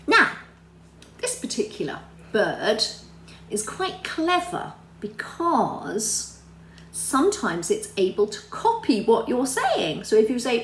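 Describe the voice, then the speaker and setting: A woman leads a story lesson for small children, her voice swooping lively up and down. She talks in an animated, sing-song way and keeps asking her young listeners questions. The recording sounds roomy, with a faint hum underneath. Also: fairly high pitch, slow pace. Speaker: children's religious teacher.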